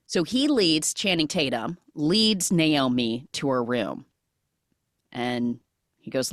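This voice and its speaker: Lively, low-voiced woman recapping a film. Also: slow pace, no room sound, clean studio sound. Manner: animated storytelling with frequent "like" fillers. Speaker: podcast host.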